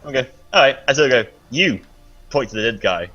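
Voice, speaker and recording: A man's voice: medium pitch, animated, brisk, fairly bright tone, highs cut off, soft background music. A man playing a tabletop role-playing game, slipping into theatrical in-character lines. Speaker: player.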